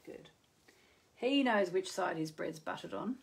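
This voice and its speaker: A woman's voice: fairly low pitch, lively intonation, measured pace, vocal fry, husky. Chatty Australian woman hosting a live show. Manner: chatty, rambling, with many fillers. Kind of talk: casual live-stream talk.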